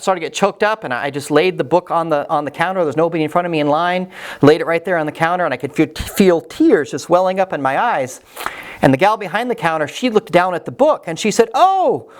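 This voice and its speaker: A man giving an earnest, encouraging motivational talk straight to the camera, telling a personal story. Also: fairly high pitch. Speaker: motivational speaker.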